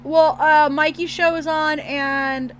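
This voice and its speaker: A woman's voice: sits high, fairly even intonation, takes it slowly, a little hiss or hum. A woman co-hosting a podcast in casual chat, teasing her co-host.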